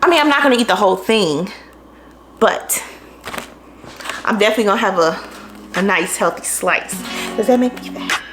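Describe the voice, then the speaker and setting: A woman's voice: mid-range voice, animated, moderate pace, long pauses, music in the background. A young woman talking casually to her vlog camera at home in her kitchen, tired and out of breath, laughing often as she chats. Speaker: vlogger. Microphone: camera on tripod. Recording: roomy kitchen echo.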